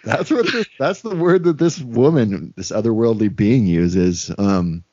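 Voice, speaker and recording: A man's voice: fairly low pitch, animated, a little slow, darkish tone, breathy edge, no room sound. A man co-hosting a casual podcast, rambling with lots of fillers and acted-out quotes. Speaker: podcast co-host. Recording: dry, dull lo-fi sound.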